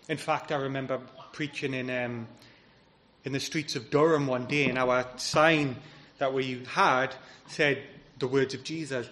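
A man's voice: medium pitch, a little hiss or hum. A man preaching a sermon as pastor, earnest and emphatic, citing scripture as he goes.

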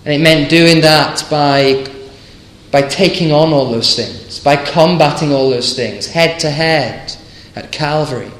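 A man delivers an evening sermon in a slow, deliberate cadence, leaning on emphatic repetition and rhetorical questions. His voice sits slightly high for a man, and the sound carries a roomy echo. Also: fairly bright tone. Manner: earnest, emphatic, with stammered restarts and rhetorical questions. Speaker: preacher.

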